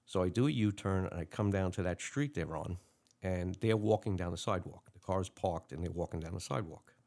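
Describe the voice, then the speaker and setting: Speaking a little fast in a low voice, a man who retired as a police lieutenant recounts a story during an interview. He animatedly performs the dialogue, raising his voice for it.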